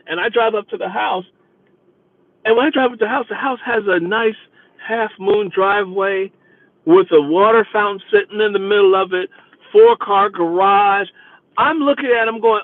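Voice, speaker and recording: A man telling his own driving stories in a chatty, wry, animated way. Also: high-pitched, moderate pace, no echo. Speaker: rideshare driver telling stories. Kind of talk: storytelling monologue. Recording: dry tinny phone-like line.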